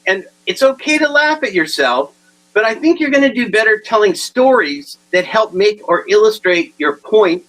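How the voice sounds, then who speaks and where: A man's voice: high-pitched, lively intonation, normal speed, a bit bright, poor audio. A man giving a humorous motivational talk, telling stories and acting out the people in them, with frequent stammered restarts. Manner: storytelling with acted-out quotes and repeated punchlines. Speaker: motivational speaker.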